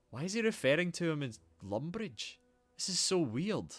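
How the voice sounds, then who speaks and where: A man's voice: fairly high pitch, sing-song, normal speed. A man streaming a game live, commenting casually in a rambling, sweary way.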